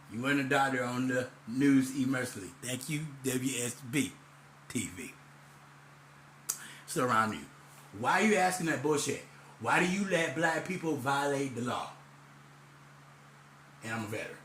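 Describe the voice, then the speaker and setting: A man rants to the camera in a rambling, angry monologue full of swearing. His voice is bright and forceful. A faint hum of ambience sits behind him. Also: mid-range voice, expressive, normal speed, pauses often, echoey room. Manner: loud and heated in the second half. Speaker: vlogger. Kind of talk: ranting monologue.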